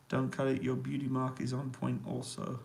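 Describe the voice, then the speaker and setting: A man with a noticeably gravelly, fry-tinged voice chats casually with his viewers during a live stream. He reads their comments aloud and answers in a relaxed, easygoing way, laughing often, from a small indoor room in army accommodation. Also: mid-range voice, poor audio. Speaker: YouTuber answering live chat.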